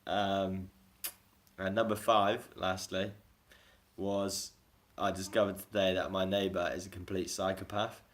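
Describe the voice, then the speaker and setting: A man's voice: deep voice, level tone, unhurried. A man talking casually into a phone for a daily video diary, rambling and self-deprecating, often laughing. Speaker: vlogger.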